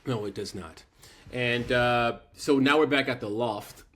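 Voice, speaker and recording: A man's voice: mid-range voice, measured pace, a bit bright. A middle-aged man co-hosting a podcast, telling the story animatedly in a casual chat and laughing often. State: sick. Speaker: podcast co-host. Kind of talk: casual chat recapping a sitcom.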